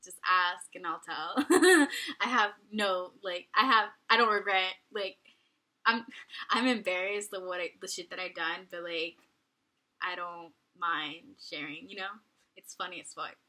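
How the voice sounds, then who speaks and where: Giggly young woman rambling, bright voice. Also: on the low side, unhurried. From Texas. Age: young adult. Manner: rambling, constant "like", profane, giggly. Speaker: vlogger. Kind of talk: casual storytelling to camera. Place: small dorm room.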